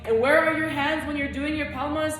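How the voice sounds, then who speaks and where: A woman's voice: sits high, fairly even intonation, fairly quick, heavy background noise. A woman teaching a flamenco dance lesson, chatting encouragingly and counting beats aloud as she claps and moves. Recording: echoey room, voice from a distance.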